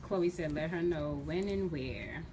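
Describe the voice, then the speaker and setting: Woman assistant, lower voice, very unhurried, reading viewer comments with amusement. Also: mellow, slight background noise. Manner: amused, laughs often, reads slowly. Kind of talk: reading live comments aloud.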